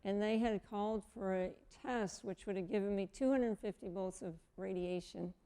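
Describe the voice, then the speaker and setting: Gravelly-voiced woman telling her story. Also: medium pitch, normal speed. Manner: animated, acts out quoted dialogue. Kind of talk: personal testimony storytelling.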